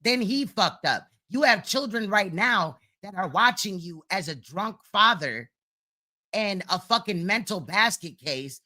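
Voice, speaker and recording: A woman's voice: mid-range voice, lively intonation, unhurried, sharp tone. A woman streamer reacting to a clip with blunt, mocking, profane commentary.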